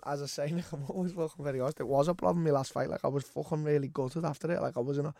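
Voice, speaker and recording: A young man talks very quickly in a blunt, sweary, animated way. His voice sits a little high, and the recording is dry and close with no room sound. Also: gravelly, no room sound. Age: 20s. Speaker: guest fighter. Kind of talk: casual podcast chat.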